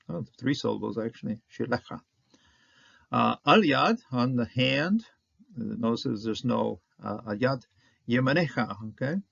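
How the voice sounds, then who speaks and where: A man teaching a Hebrew Bible reading word by word, halting often with fillers and restarts. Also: medium pitch, gravelly, fairly bright tone, dry recording. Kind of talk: Bible language lesson. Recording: dry, dull lo-fi.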